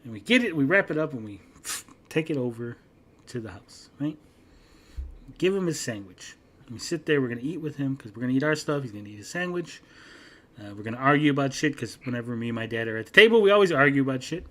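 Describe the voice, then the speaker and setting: A man hosting a podcast, telling a long profane story in a casual, animated way and acting out both sides of an argument. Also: medium pitch, fast talker. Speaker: podcast host.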